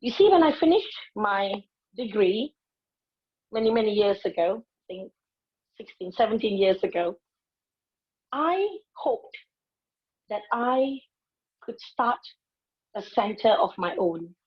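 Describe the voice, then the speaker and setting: A woman's voice: medium pitch, animated, takes it slowly, long pauses, slightly rough, muffled recording. A woman, giving a motivational speech and telling stories expressively, acting out her own inner voice. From Malaysia. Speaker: invited speaker, public speaking teacher.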